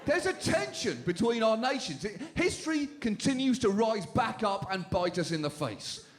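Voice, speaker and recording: A British man hosting a stand-up show, delivering jokes with dry deadpan timing on a club stage. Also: sits high, moderate pace, faint music behind. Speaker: comedy show host. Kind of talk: stand-up comedy. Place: comedy club stage with live audience. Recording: laughing crowd and room noise.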